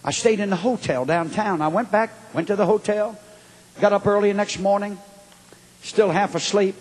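A man preaching a fiery revival sermon with a husky voice, dropping low to tell a story and rising to shouts. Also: normal speed. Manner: swings from low storytelling to shouted high exclamations. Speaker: evangelist preacher. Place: large hall at a revival meeting. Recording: long hall reverb.

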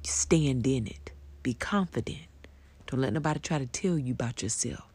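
A middle-aged woman giving a gentle, affectionate motivational talk to the camera, soft-spoken and often dropping to a whisper, with folksy phrasing and endearments like honey and baby. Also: a bass voice, moderate pace, slightly rough. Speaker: social media personality.

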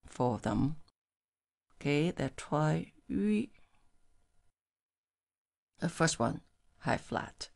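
A woman whose first language is Mandarin Chinese teaches pinyin, pronouncing each syllable slowly and clearly. Her pitch swings widely as she demonstrates the tones, and her voice has a gravelly edge. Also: sing-song, a little mellow. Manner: slow, clearly modelled syllables. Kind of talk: language lesson with tone drills.

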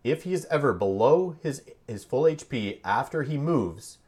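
A man's voice: mid-range voice, lively intonation, normal speed, a little mellow. A man hosting a live board game playthrough, chatting casually, joking with the players and explaining the rules as he goes.

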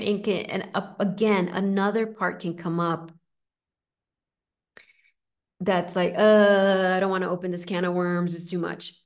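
Woman coach, gentle and reassuring, casual live-session delivery. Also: medium pitch. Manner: gentle, reassuring, conversational with frequent fillers. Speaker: inner child coach. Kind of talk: live coaching session, reading chat comments.

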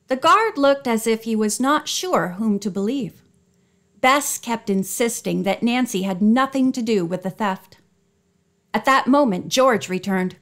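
A woman narrating an audiobook with clear, steady storytelling. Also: mid-range voice, unhurried.

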